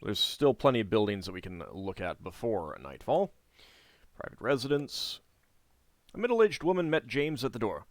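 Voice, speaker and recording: Man, playthrough host reading game story, animated delivery, dry room. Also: medium pitch, a little fast, no echo. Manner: relaxed, chatty asides. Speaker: gameplay host and narrator. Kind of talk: reading game text aloud with commentary.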